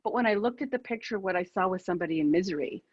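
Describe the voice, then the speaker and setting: A woman's voice: medium pitch, lively intonation, rapid-fire, breathy edge, dry recording, lo-fi sound. A woman in her fifties, a keynote speaker, telling a personal story over a video call in a candid, self-deprecating way.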